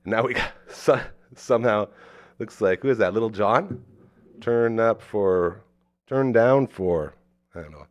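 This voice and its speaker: Man in casual host mode, a touch low, stuffed-up allergy voice, rambly and jokey. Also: unhurried. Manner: rambling, joking, lots of fillers. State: congested, allergy-sick voice. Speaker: podcast host. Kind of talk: casual chat.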